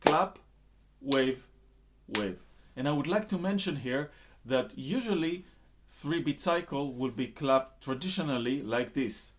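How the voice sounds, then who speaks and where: A man teaching a rhythm lesson, explaining slowly and then counting in and reciting drum syllables loudly in time. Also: a little high, slight background noise.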